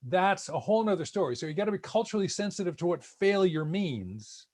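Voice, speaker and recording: A man presenting at a speaker series over a video call, talking in animated bursts with frequent restarts. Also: high-pitched, fairly quick. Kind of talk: casual panel talk.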